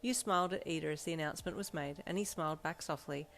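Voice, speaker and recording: A woman narrating an audio fanfiction, bubbly in her intro and steady in the story. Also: low voice, quick pace, creaky. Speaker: fanfiction reader. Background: faint backing music.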